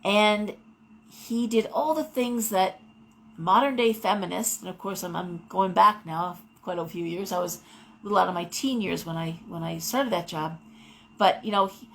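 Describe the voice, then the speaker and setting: A woman's voice: mid-range voice, moderate pace, fairly bright tone, poor audio. A middle-aged woman hosting a live tarot show, talking casually and wandering off into personal stories. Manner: rambling, digressive storytelling. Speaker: tarot reader host.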